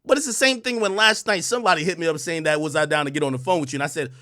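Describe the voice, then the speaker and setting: An adult male streamer under 45 delivers a heated livestream rant, loud, profane and combative, swinging between shouting and calm. His voice is high and his delivery rapid-fire, on a dry mic with no room sound.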